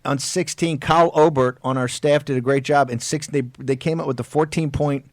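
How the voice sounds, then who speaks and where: A man hosting a political talk radio show, exhorting his listeners with emphatic, drawn-out stressed words and frequent restarts. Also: a little high, steady tone, darkish tone, dry recording, clean studio sound.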